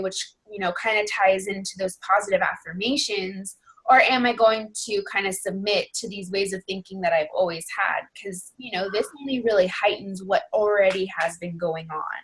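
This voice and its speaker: A young woman talks to her fitness team in a casual, earnest way. She rambles a little and leans on fillers like "you know" and "like" as she shares her thoughts. Her pitch sits at an ordinary middle height for a woman. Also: normal speed, fairly bright tone. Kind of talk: casual team call talk.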